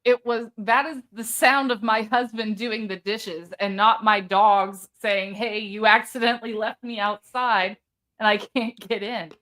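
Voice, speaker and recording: A woman hosting a live true-crime stream, animated and chatty. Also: mid-range voice, unhurried. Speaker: host.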